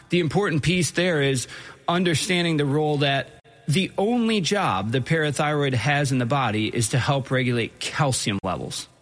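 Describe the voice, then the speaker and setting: A man hosting a radio health show, explaining medical topics in a conversational way with occasional fillers. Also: mid-range voice. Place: radio studio.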